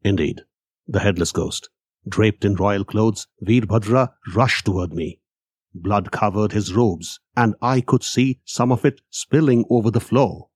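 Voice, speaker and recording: A man voicing a shaken man recounting a haunting, slow and solemn. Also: on the low side, a little mellow, husky, no room sound, studio quality.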